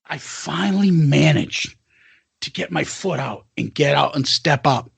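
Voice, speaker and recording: Animated, raspy-voiced man telling a story. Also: on the high side, unhurried, no room sound. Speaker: podcast co-host. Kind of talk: casual storytelling chat.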